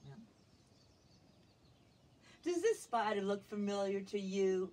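A woman teacher reads a picture book to little children in an unhurried voice. Her pitch swoops up and down with expression. She pauses to ask gentle questions about the pictures, with a faint hiss in the background. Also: lively intonation. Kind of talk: reading a picture book aloud to young children.

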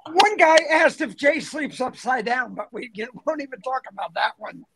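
A man co-hosting a casual chat, loud and joking with plenty of swearing. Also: very high voice, lively intonation, moderate pace, noisy background. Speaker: co-host.

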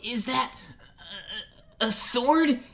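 A woman's voice: medium pitch, lively intonation, moderate pace, a bit bright, voice pushed up, natural voice. A woman voicing a sneering, bratty older boy of the forest folk in a storybook reading. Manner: sneering, scoffing.

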